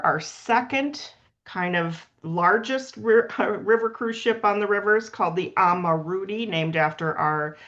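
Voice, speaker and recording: A woman's voice: lowish voice, dull audio. A woman presenting a cruise line on a video call, upbeat and chatty, with a self-deprecating streak. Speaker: cruise line sales partner. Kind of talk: casual webinar presentation.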